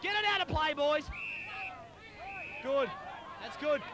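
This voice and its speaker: A man with a very high voice calls a local footy match, barracking hard for his side and yelling advice at the players. He is outdoors at a suburban ground, recorded on amateur video with traffic in the background. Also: animated, slow, a crowd in the background. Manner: partisan, shouts encouragement to players. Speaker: club commentator. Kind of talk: amateur football commentary.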